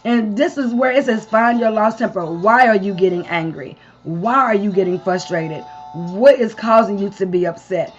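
A woman's voice: mid-range voice, moderate pace, hardly any pauses, dull audio. A woman preaching a Sunday morning devotion to a live-streamed audience, peppering her sermon with amens and long spoken lists.

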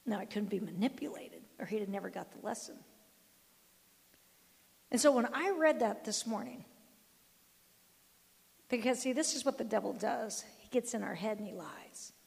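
Older woman, devotional storyteller, emphatic delivery, gravelly voice with long reverb tail. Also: mid-range voice, expressive, moderate pace, long pauses, a little mellow. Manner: emphatic, firm, quotes scripture and acts out dialogue. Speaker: grandmother giving a devotional talk.

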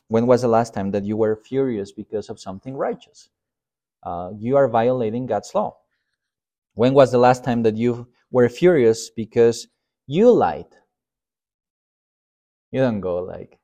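A man teaching a Sunday school lesson in an informal, story-driven way, acting out quotes with lively shifts in his voice. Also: mid-range voice, a little slow, long pauses. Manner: storytelling with acted quotes, animated.

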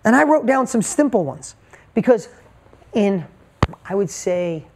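A man's voice: high-pitched, lively intonation, measured pace, a little mellow. Emphatic male motivational speaker. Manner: emphatic, repetitive, storytelling. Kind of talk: motivational talk.

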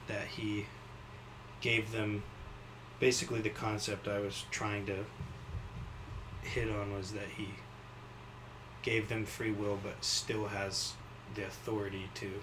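Rambling male podcast host, lower voice. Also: measured pace, pauses often, noisy background. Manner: rambling, many fillers, animated impressions. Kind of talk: casual podcast chat.

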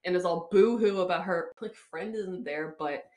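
A woman's voice: lowish voice, moderate pace, a little mellow. A woman co-hosting a podcast, recapping a film in casual chat, sarcastic and swearing freely. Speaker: podcast co-host.

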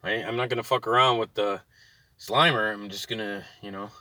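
Guy in his 30s ranting from his car, swearing nonstop, sharp bright voice. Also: lowish voice, a little fast, no room sound. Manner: swears constantly, heated and animated. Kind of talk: profane ranting monologue. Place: inside a car.

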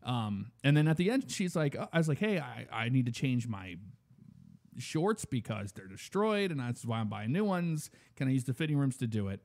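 A man's voice: mid-range voice, normal speed, vocal fry. A man in casual chat, telling a story and acting out the other people's lines in it. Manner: animated storytelling, acts out voices.

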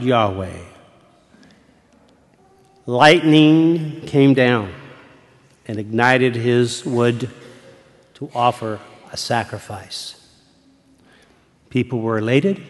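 An older man, a retired priest, preaching a sermon in a church, telling the story slowly and dropping to a hushed whisper at times. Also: medium pitch. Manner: slow, deliberate storytelling with dramatic hushed whispers. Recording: long church reverb.

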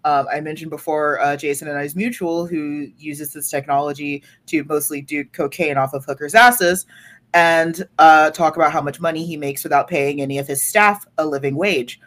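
A woman from Texas co-hosts a casual podcast. She talks in an animated way, swears freely and leans on sarcasm. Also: deep voice, normal speed. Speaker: podcast co-host. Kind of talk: casual discussion.

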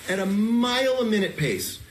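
A man's voice: high voice, big pitch swings, moderate pace, a little hiss or hum. A man hosting a talk show, earnest and talking things through with a guest. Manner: earnest, talks things through, mimics himself. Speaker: show host. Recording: echoey room.

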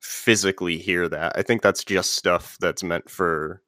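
Smooth-voiced rambling podcast host. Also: male voice, low voice, steady tone, unhurried, pushed and bright, no room sound, studio quality. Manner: rambling, filler-heavy and conversational. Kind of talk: casual podcast chat.

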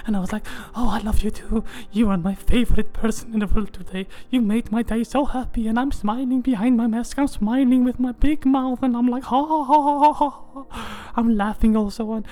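A woman's voice: fairly even intonation, brisk, few pauses, dark tone, natural voice. A woman voicing a giggly, rambling celebrity persona of herself, hosting a comedic podcast segment. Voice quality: giggly, breathy laughs, swooping up into high squeals. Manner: rambling, self-absorbed, naive.

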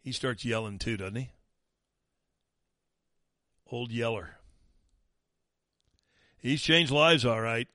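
A man's voice: medium pitch, slow, long pauses, sharp tone, dry recording, clean studio sound. A man hosting a talk show, giving sarcastic, mocking political commentary. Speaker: talk radio host.

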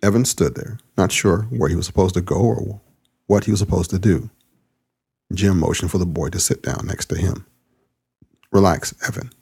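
A man's voice: low-pitched, moderate pace, gravelly, dark tone, husky. A man hosting his podcast, reading a story aloud and then chatting in a laid-back, slangy way. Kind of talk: audiobook narration and casual chat.

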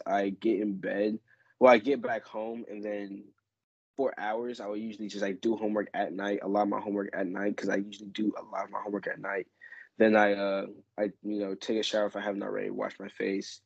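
A young man, a college student, talking in a relaxed, rambling way in a casual group chat, with some self-mocking sarcasm. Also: on the low side, gravelly, husky, dry recording, highs cut off. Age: young adult.

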